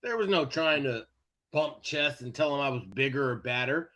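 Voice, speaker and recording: A man co-hosting a sports podcast, telling a story in casual chat, animated and profane, often laughing as he goes. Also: medium pitch, moderate pace. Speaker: podcast co-host.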